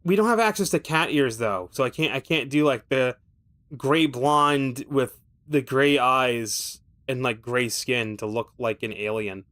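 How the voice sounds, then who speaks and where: A man's voice: mid-range voice, a little slow, a bit bright. A man streaming a game, thinking aloud with casual commentary that rambles, swears freely and slips in wry, self-mocking asides.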